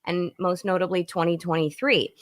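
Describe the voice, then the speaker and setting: A woman's voice: lowish voice, fairly even intonation, moderate pace. Woman lawyer chatting on a stream call. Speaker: guest lawyer. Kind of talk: casual chat on a live stream.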